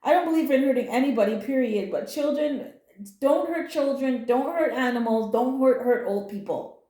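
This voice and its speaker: A woman's voice: sits high, moderate pace, mellow, echoey room. A woman giving a casual spoken tarot reading, earnest and comforting, emotional at times and blunt with slang. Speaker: tarot reader.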